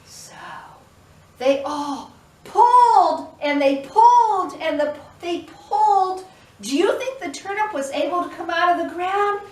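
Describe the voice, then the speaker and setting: A woman telling a storytime tale to toddlers, an expressive storyteller who makes the animal noises herself. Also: extremely high pitch, a little slow. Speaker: children's librarian. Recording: echoey room, mic at a distance.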